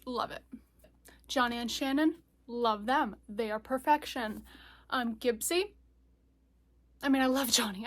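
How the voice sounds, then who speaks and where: A young woman with a fairly high voice talks casually about a book, giggling and gushing as she goes. She records herself on her phone. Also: fairly bright tone. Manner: giggly, gushing, laughs often. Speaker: book vlogger. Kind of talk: casual reading vlog chat.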